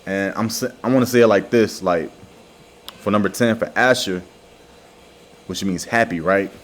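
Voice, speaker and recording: A man giving an informal religious lesson, slowly repeating words and checking in with "all right" and "okay" after each point. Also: on the low side, slight background noise. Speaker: religious teacher.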